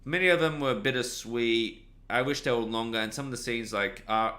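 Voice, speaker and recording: Bright-voiced man rambling through a review. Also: mid-range voice, moderate pace. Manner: rambling and excitable, swears freely, self-corrects often. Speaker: TV episode reviewer. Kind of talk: casual video review.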